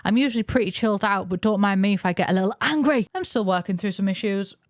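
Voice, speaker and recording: A grumpy male hippie musician, as a woman puts him on, with a slow, mock-calm delivery. The voice sits at a middling pitch and sounds dry and close. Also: dry recording, lightly acted.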